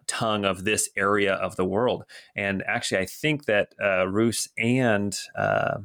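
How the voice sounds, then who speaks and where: A man's voice: on the low side, fairly bright tone. A middle-aged man narrating a tabletop game as game master, casual and rambling with many fillers.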